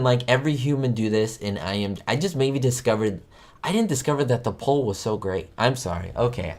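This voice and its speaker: A man hosting a trivia livestream, his pitch leaping up and down as he rambles excitedly through sitcom facts. He talks straight to his viewers in a loose, chatty way over a streaming mic. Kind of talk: casual livestream chat.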